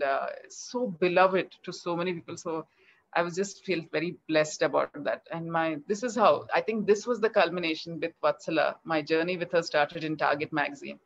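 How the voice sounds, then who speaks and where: A woman's voice: on the low side, a little hiss or hum. A middle-aged woman with an Indian English accent, a children's author telling a story in an interview and acting out the dialogue, heard over a video call. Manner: animated, acts out quoted dialogue. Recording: slightly dull lo-fi audio.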